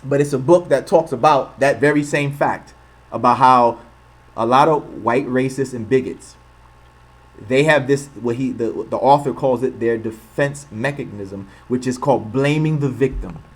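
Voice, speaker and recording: Male stream host, average pitch; impassioned rhetorical commentary, hammers points by repetition. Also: moderate pace. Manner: impassioned, rhetorical, repeats himself for emphasis. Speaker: channel host. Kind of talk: livestream commentary.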